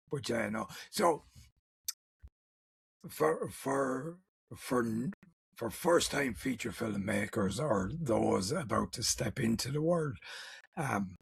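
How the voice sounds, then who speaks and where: A man's voice: mid-range voice, vocal fry, slightly rough, no echo. An Irish man hosting an interview, a film director who talks casually with stammering restarts and self-deprecating jokes. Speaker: podcast host and film director.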